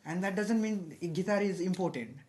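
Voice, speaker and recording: Young guy hosting a chill podcast, kinda high voice, lots of laughing, roomy echoey sound. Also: normal speed, a little hiss or hum. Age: young adult. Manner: animated, laughs often, practicing a put-on accent. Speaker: podcast host. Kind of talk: casual chat. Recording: echoey room.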